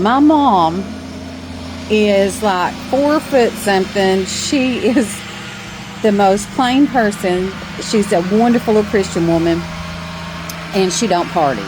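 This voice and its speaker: A woman's voice: mid-range voice, background noise. A middle-aged woman telling a story on her porch in a chatty, folksy way, laughing along. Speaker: vlogger. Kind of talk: casual storytelling.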